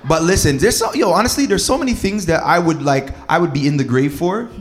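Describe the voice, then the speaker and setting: A man in his thirties co-hosting a casual chat about parenting and relationships, animated and slangy with preacher-like exclamations. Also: on the high side, quick pace. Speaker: podcast co-host.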